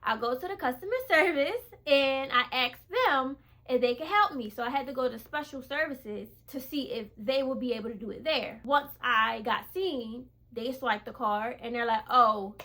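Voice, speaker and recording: A woman with a high, bright voice tells a personal story straight to her viewers. She talks in a chatty, animated way and laughs often. Her tone is casual and conversational. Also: normal speed, hardly any pauses. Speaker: faith vlogger.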